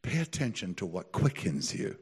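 A man preaching a sermon, telling stories with lively, animated delivery that climbs to excited peaks. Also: moderate pace, husky. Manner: animated storytelling, builds to high excited peaks, laughs often. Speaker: pastor.

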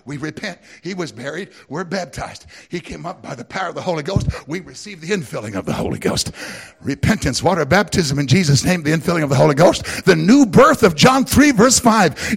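A man with a Southern US twang preaching a lively sermon, laughing often and swinging from shouts to hushed asides. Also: high-pitched, creaky, husky. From American South.

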